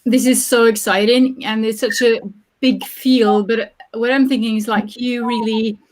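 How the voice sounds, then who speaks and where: Woman host for an informal Q&A; encouraging tone, slightly higher pitch. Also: steady tone, unhurried, darkish tone. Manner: encouraging, frequent mm-hmm backchannels. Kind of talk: informal Q&A discussion.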